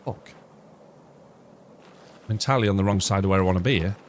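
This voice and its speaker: A man streaming a shooter game live, rambling and thinking out loud, chatting to his viewers with jokey asides and casual swearing. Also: sits low, a little fast, background noise. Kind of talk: live gameplay commentary.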